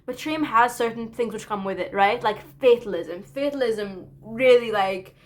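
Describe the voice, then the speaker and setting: A woman's voice: fairly high pitch, normal speed. A woman in her early twenties, a college student, speaking in an earnest, reflective confessional vlog with self-deprecating humor.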